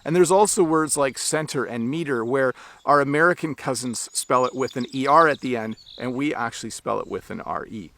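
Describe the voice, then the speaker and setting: A Canadian man teaching English online, explaining clearly and at a measured pace for learners. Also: medium pitch, pushed and bright, no room sound.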